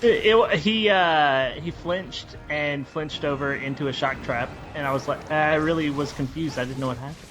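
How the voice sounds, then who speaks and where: A man's voice: on the high side, moderate pace, hardly any pauses. A man hosting a podcast, chatting casually over gameplay and often restarting his sentences. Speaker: podcast host.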